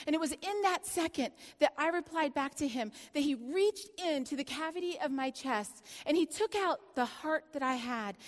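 A woman preaching a sermon, telling a personal story with lively laughter and sudden hushed, dramatic drops. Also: sits high, long reverb tail.

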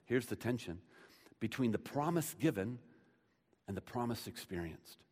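A man preaching a sermon in a conversational way, moving between loud, emphatic stretches and hushed ones. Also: mid-range voice, expressive, moderate pace, long pauses, breathy edge, big-room sound. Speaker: pastor.

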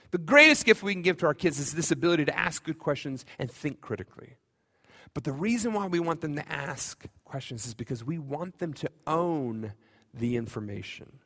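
A man's voice: on the high side, a bit bright. A man preaching a conversational sermon as pastor, mixing in self-deprecating humor. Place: church sanctuary. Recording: long reverb of a church hall.

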